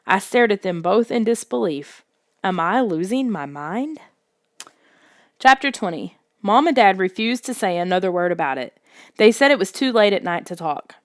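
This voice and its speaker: Woman reading a story, lively and dry. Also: medium pitch, normal speed, no room sound. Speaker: audiobook narrator. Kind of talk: scripted first-person narration.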